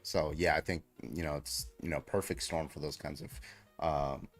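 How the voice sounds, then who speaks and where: A man's voice: very deep voice, steady tone, moderate pace, soft background music. A man hosting a livestream in casual chat, laid-back and full of likes and you-knows. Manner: laid-back, heavy use of like and you know. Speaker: livestream host.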